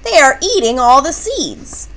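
A woman reading a grandmother's lines in a storybook, exclaiming in a brighter, higher voice. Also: big pitch swings, measured pace, heavily acted, rough recording. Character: excited grandmother who loves watching birds.

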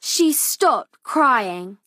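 A woman reading a picture book aloud for small children, slow and expressive. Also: on the high side, no echo, clean studio sound. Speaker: children's story reader.

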